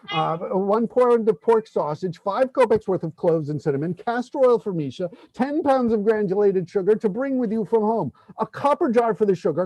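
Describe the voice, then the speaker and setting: Guy reading an overworked family man clerk, exasperated, pitched high, no room sound at all. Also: warm tone, no room sound, poor audio. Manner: exasperated ranting, breathless complaints. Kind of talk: play reading.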